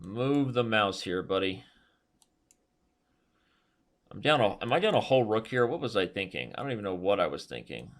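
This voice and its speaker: A man commentating his own online chess games while playing, animated and self-mocking, giving advice. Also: on the low side, fast, gravelly, hardly any pauses. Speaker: chess master streamer.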